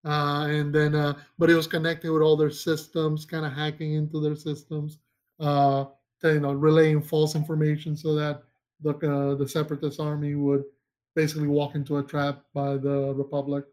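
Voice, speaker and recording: A man's voice: on the high side, monotone, normal speed, darkish tone. A man co-hosting a casual podcast chat, rambling with restarts and searching for names as he talks. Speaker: podcast co-host.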